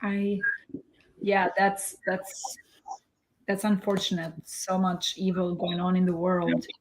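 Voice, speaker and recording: A woman hosting a talk show, encouraging her guest in a slow, measured way. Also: fairly low pitch, flat delivery, low-quality recording. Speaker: host. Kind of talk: casual chat.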